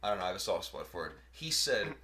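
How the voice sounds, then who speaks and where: A man's voice: deep voice, animated, quick pace, pushed and bright. A man co-hosting a casual podcast, sharing opinions about films. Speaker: podcast co-host and filmmaker.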